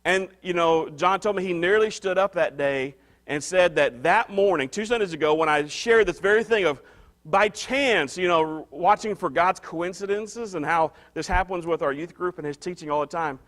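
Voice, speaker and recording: High-voiced man preaching a conversational sermon. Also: normal speed, fairly bright tone. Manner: conversational, restarts and repeats phrases for emphasis. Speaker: pastor.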